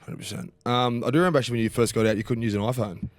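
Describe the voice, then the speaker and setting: A quick-talking Australian man hosting a podcast, all teasing banter and leading questions. His voice sits close and dry, with no room around it. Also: medium pitch, no echo. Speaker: podcast co-host. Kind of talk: casual banter.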